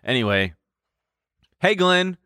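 A man's voice: high-pitched, sing-song, slow pace, bright, forceful tone, smooth, dry recording, studio quality. A man co-hosting a podcast in casual, joking chat, goofy and teasing. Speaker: podcast co-host.

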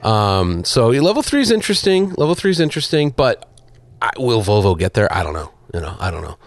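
A man's voice: medium pitch, very animated, fairly quick, no echo. A man co-hosting a car radio show, talking casually in a rambling way with many fillers. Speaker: co-host, car journalist.

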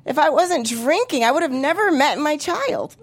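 A woman's voice: sits high, expressive, moderate pace, dry recording. A woman in her thirties doing a profane, brash stand-up comedy set on a club stage, acting out the voices of other people. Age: 30s.

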